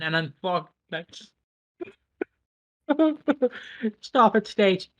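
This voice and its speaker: A man co-hosting a podcast in casual chat, animated and sweary, recapping events with acted quotes. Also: on the high side, drawn-out words, pauses often, low-quality recording. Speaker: podcast co-host.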